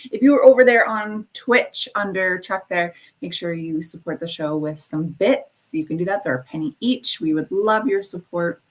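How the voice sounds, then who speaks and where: A woman's voice: fairly low pitch, normal speed, hardly any pauses. A woman co-hosting an online morning show, chatting casually and reading out where to find the show. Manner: chatty, reads out show plugs. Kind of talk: casual chat.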